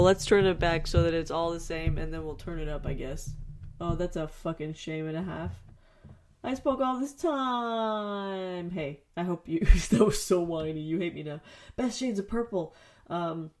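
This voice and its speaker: A woman's voice: lowish voice, a little mellow. A woman hosting a solo podcast in a casual, rambling way, swearing often and joking at her own expense. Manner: profane, rambling, self-deprecating. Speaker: podcast host. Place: home basement studio. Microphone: studio mic, spoken into its wrong side.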